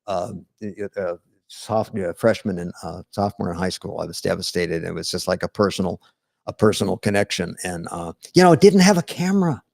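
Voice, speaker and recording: An older man, a retired school principal, telling animated stories on a live podcast and laughing through them. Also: deep voice, fairly quick, creaky. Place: studio.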